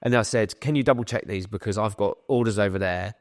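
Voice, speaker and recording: A young man, a podcast guest, casually telling a lively story, swearing and acting out the lines of the people in it. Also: lowish voice, fast, dry recording, studio quality. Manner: swearing, animated retelling with quoted dialogue.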